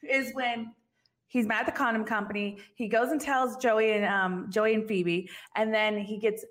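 A woman's voice: a little high, steady tone, moderate pace. A woman co-hosting a podcast, chatting casually, laughing often and acting out the characters' lines. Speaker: podcast co-host. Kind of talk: casual recap chat.

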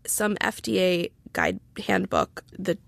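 A woman's voice: on the low side, very animated, takes it slowly, vocal fry, a bit bright, no room sound. A woman telling a story in casual podcast chat, chatty with many fillers and sarcastic asides. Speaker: guest, writer.

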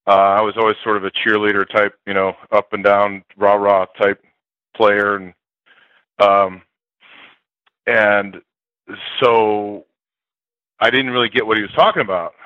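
Older male guest, lowish voice, spins lively anecdotes, slightly dull dry recording. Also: unhurried, pauses often, dry recording. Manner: animated storyteller, acts out quotes loudly, laughs often. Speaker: former college football player, guest. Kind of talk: interview storytelling.

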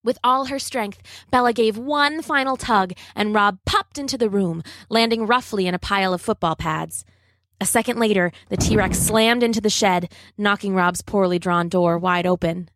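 A woman reading a children's adventure story aloud, steady and dramatic. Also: medium pitch, normal speed, no room sound, clean studio sound.

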